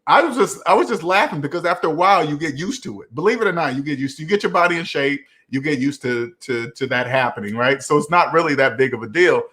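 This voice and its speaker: Rambling story-teller host in his forties, slightly high-pitched man, casual live Q&A. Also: animated, quick pace, hardly any pauses, sharp tone. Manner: rambling, repeats "right?" often; chuckles while telling stories.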